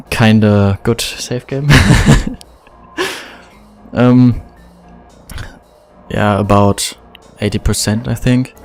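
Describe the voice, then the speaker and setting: A man from Germany speaks English with a German accent in a relaxed, slow commentary over his gameplay. He chuckles at himself and talks at a middling pitch. Faint game music runs underneath. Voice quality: relaxed, chuckling, self-deprecating. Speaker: let's play gamer.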